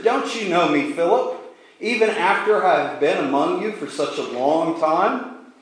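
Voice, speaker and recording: A man delivering a sermon in a slightly raised pitch, pacing his words slowly and leaning on pauses for emphasis. The recording is heavily echoey, as if made in a large reverberant room. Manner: slow, deliberate preaching with emphatic pauses. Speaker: preacher.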